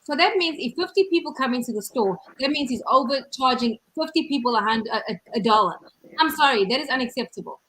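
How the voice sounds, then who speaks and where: A woman with a South African accent, hosting a podcast and telling stories in an animated, emphatic way. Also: high-pitched, quick pace, low-quality recording. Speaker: podcast host. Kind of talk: casual chat.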